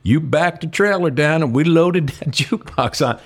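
A man's voice: on the high side, moderate pace, slightly rough, voice pushed up. A man voicing his older country-boy neighbor, putting on a folksy drawl.

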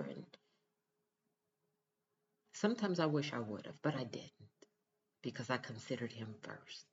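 A woman's voice: extremely low pitch, muffled recording. A mother talking straight to her viewers in a casual vlog, earnest, emphatic and direct. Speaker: mother giving relationship advice.

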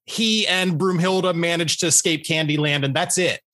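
A co-host in a casual movie podcast, animated and exasperated while recounting viewing reactions. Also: medium pitch, normal speed, dry recording.

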